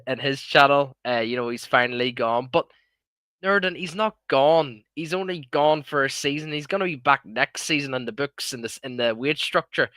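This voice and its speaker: A man's voice: mid-range voice, bright, forceful tone, dry recording. A young Irish man hosting a live stream, talking casually and heatedly, swearing often and calling listeners "man". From Ireland. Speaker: livestream host.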